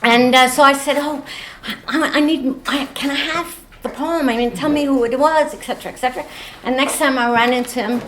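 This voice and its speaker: A woman's voice: high-pitched, fairly even intonation, fairly quick, fairly bright tone. A woman chatting casually at a folk club night, laughing and self-deprecating as she introduces a poem. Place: folk club room with an audience. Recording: echoey room with faint noise.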